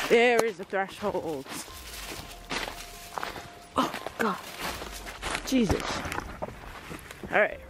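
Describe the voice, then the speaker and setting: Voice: medium pitch, animated, drawn-out words, long pauses, background noise. A vlogger walking through woods with a handheld camera, exclaiming and calling to pets. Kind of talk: casual outdoor walking vlog. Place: outdoors in woods.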